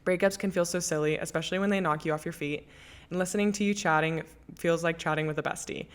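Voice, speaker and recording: A woman's voice: on the low side, fairly even intonation, fast talker, clean tone. A young woman hosting a podcast in casual chat, reading listener letters and answering in a candid, chatty, emphatic way with plenty of swearing. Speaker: podcast host.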